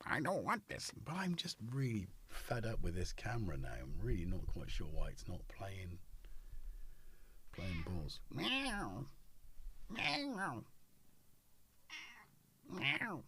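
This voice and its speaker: A man's voice: deep voice, expressive, moderate pace, a little hiss or hum. A middle-aged man hosting a casual livestream, rambling and chatty and talking to his cat between thoughts, on a studio microphone. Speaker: livestream host. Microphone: studio dynamic microphone.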